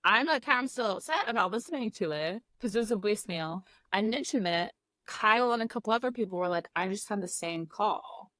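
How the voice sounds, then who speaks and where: A woman's voice: mid-range voice, expressive, brisk, pushed and bright, dry recording. Chatty young woman, dry close sound. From Midwest of the United States. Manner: chatty, heavy use of "like", earnest. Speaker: guest, former cooking show contestant. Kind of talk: casual interview chat.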